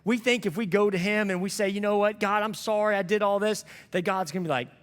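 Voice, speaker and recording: A man's voice: high voice, fast talker, fairly bright tone, in a large hall. A man preaching a sermon as a pastor, telling a story in a conversational, earnest way. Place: church sanctuary.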